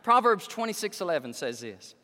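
A man preaching a sermon, animated and exclaiming, joking with the congregation. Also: sits high, fairly quick. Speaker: pastor. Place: church sanctuary. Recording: long hall reverb.

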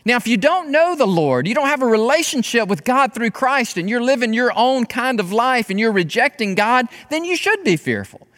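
A man preaching a sermon with passion, swinging between loud exclamations and hushed, intimate tones. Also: very high-pitched, big-room sound. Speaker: pastor.

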